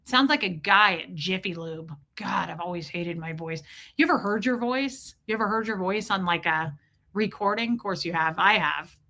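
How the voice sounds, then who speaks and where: A middle-aged woman chats to her stream in a bright, forward voice. She rambles through a story, undercuts herself with deadpan jokes and mock confessions, and breaks off now and then to answer chat. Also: fairly low pitch, moderate pace. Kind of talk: casual storytelling live stream.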